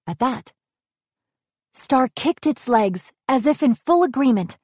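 Gentle woman narrating a storybook. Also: a little high, expressive, unhurried, breathy edge, no echo. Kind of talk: storybook reading.

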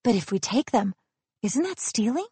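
Woman reader doing an eager, flustered storybook heroine, voice pitched up, dry read. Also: very animated, mellow, breathy edge, no room sound, heavily acted. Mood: worried, wondering. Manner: eager, breathless, quick to apologize. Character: earnest hopeful young woman heroine. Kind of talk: storybook reading.

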